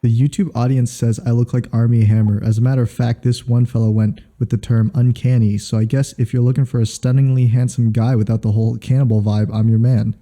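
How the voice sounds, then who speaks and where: A man co-hosting a casual podcast chat, making deadpan, sarcastic jokes. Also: mid-range voice, a little fast, hardly any pauses. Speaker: podcast co-host.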